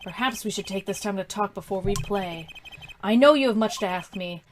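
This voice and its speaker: A woman voicing a calm, mysterious former magician who plays poker, speaking softly, low and measured. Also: a little hiss or hum, natural voice. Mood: grave. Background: game music.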